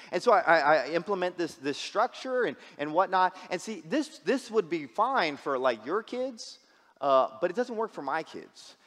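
A man's voice: sits high, a bit bright, long reverb tail. A man preaching a sermon as a guest pastor, casual and joking, often repeating words as he restarts. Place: church sanctuary.

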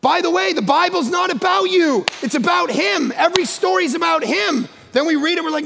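A male guest pastor preaching a sermon in a church, emphatic and often shouting. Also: very high voice, expressive, moderate pace, creaky, few pauses, a little hiss or hum. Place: church sanctuary. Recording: long echo of a large church hall.

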